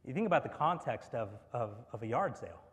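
A man preaching a sermon to his congregation. His voice sits at a middling pitch and carries a long reverb from the hall. He reads scripture and then turns to lively storytelling. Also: a little fast. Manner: animated storytelling, acting out characters' voices. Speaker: pastor.

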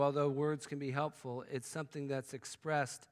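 A man preaching a sermon, swinging from loud exclamations to hushed, intimate tones. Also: medium pitch, little pitch movement, moderate pace, few pauses. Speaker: pastor. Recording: long hall reverb.

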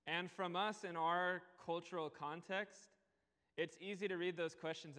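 A young man preaching a sermon in earnest tones, slowing down to press on key words. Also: fairly high pitch, fairly even intonation, a bit bright, clean tone. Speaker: pastor. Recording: long hall reverb.

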